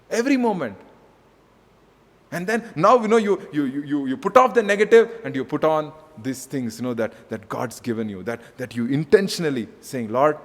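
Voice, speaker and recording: A man from India preaching a sermon as pastor, earnest and repetitive, swinging between soft and emphatic delivery. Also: mid-range voice, in a large hall.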